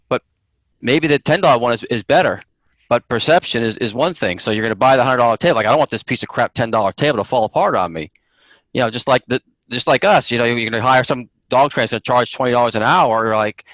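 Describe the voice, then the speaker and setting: A man's voice: mid-range voice, fairly bright tone, no echo, poor audio. A man on a panel explaining a point in a casual chat, repeating words as he goes.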